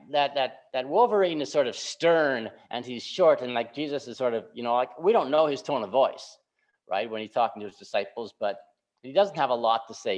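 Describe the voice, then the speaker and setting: Male pastor preaching in a chatty way. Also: medium pitch. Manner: informal, keeps asking "right?" to check in with listeners. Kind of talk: conversational sermon. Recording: dull lo-fi recording.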